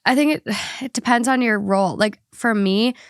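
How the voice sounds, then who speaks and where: Young woman podcast host, casual chat, blunt and candid, higher voice, dry close sound. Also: normal speed, smooth, no room sound.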